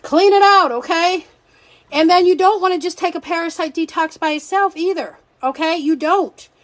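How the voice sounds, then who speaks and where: A high-voiced woman hosting a casual live stream. She talks in an animated, joking way, often losing her thread and interrupting herself. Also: moderate pace.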